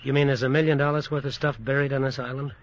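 An actor playing a blunt, suspicious hotel owner who also narrates, in a 1950s radio drama. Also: male voice, mid-range voice, level tone, fast talker, close to an everyday voice. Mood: puzzled. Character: hot-tempered island hotel owner, jealous. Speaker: narrator of the story. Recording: dull lo-fi old radio broadcast.

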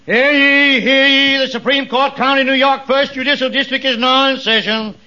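Court crier calling the session open, very high and sharp, sing-song, old radio sound. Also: male voice, steady tone, moderate pace, full character voice. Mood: announcing. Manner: sing-song official announcing. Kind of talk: 1940s radio comedy acting. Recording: muffled old radio broadcast.

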